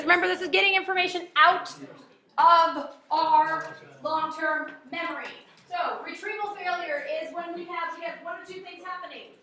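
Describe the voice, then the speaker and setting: Female teacher, bright high voice, conversational lecture, very echoey classroom. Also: distant mic. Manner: conversational, frequent "okay?" check-ins.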